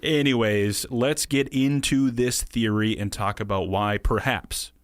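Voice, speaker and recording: An American man co-hosting a podcast, talking casually and quickly, laughing often. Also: medium pitch, steady tone, dry recording. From United States. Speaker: podcast co-host.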